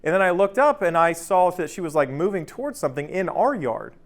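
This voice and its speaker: His voice is high-pitched and a little fast: a man in his thirties running a casual training session for colleagues. He talks conversationally, leans on "right?" often, and acts out anecdotes with plenty of energy.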